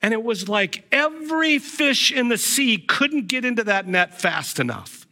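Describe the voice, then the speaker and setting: His voice is very high-pitched and his pace measured. He's a pastor giving a storytelling sermon, animatedly voicing the people in the scenes he retells.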